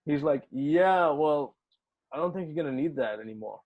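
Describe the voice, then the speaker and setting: The audio is narrow and tinny, carrying a medium-pitched man who talks very fast. As a musician guest from the United Arab Emirates in a casual interview, he tells a story animatedly, full of curses and performed dialogue.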